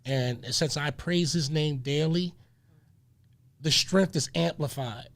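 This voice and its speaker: A male community radio host with a high, gravelly voice. He talks in a preachy way, repeating phrases and breaking off with hold on, wait a minute. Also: slow pace, fairly bright tone.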